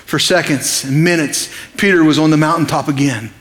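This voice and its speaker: A man's voice: on the high side, brisk, fairly bright tone, long reverb tail. A man preaching an evening sermon in a conversational, impassioned way, asking his listeners questions.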